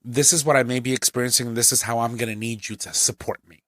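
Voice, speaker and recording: A man co-hosting a podcast jumps in to back up the guest, restating her points with emphasis. His voice sits at an ordinary male pitch and sounds close and dry, with no room around it. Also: steady tone, fast talker, pushed and bright, no echo. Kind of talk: casual chat.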